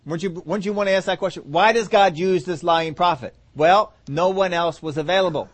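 A man's voice: high voice, a little fast. A man preaching a sermon, joking and acting out the story in voices. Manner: humorous, acts out scenes in voices, laughs often.

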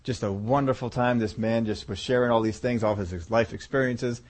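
A man's voice: mid-range voice, fairly even intonation, a little fast. A man preaching a sermon in a folksy, conversational way, rambling a little as he tells a story to his congregation.

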